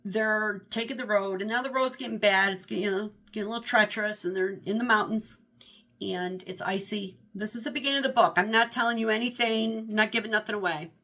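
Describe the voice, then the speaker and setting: Bright-voiced chatty woman in her fifties. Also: mid-range voice, fairly quick. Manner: chatty, rambling, animated with self-corrections. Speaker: book vlogger. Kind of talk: casual book review chat.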